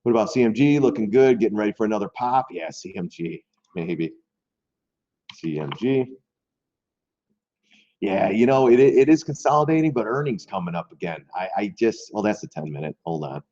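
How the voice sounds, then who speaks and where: A man's voice: lowish voice, warm tone. A man hosting a stock trading live stream in a loose, rambling way, talking straight to his viewers and often repeating words. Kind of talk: casual live stream commentary. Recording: dull lo-fi stream audio.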